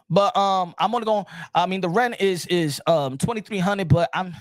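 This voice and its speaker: A man giving casual boxing commentary, animated, repeating himself and firing off rhetorical questions. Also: sits high, moderate pace, hardly any pauses, no room sound. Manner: animated and repetitive, many restarts and rhetorical questions.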